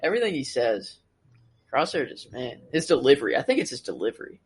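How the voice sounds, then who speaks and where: A young man co-hosting a podcast, talking in an excited, rambling way with many fillers. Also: medium pitch, fast, slightly rough. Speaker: podcast co-host. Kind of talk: casual podcast chat.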